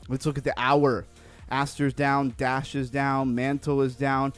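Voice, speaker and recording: A man's voice: medium pitch, level tone, measured pace, clean tone, faint music behind. Upbeat man hosting a crypto livestream. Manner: upbeat, reads chat names aloud, rambling. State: a little out of breath after cardio. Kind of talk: casual live-stream chat.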